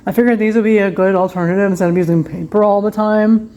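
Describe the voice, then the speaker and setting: A woman's voice: medium pitch, steady tone, fast talker, mellow. A woman chatting casually at home as she unboxes and shows off her shopping haul. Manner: chatty, wails dramatically over a broken cup. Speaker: vlogger. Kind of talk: casual haul vlog chat.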